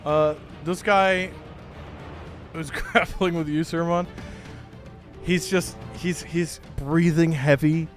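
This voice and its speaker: A man narrating a tabletop game as game master, with animated storytelling. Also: on the high side, takes it slowly, long pauses, soft background music.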